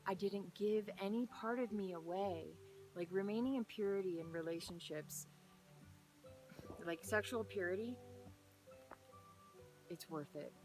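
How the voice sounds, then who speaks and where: A young woman talking earnestly outdoors on a hilltop in the rain, sharing a devotional message in a rambling, filler-heavy way and often dropping into excited whispers. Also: mid-range voice, a little slow, long pauses, faint music behind, rough recording. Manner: breaks into excited whispers and laughter. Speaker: faith vlogger. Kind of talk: casual devotional talk.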